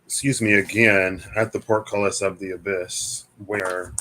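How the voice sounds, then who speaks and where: A man's voice: sits low, little pitch movement, unhurried, bright, forceful tone, low-quality recording. A young man from the American Midwest doing a casual tarot reading, thinking aloud in a meandering, hesitant way and often searching for words. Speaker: tarot reader.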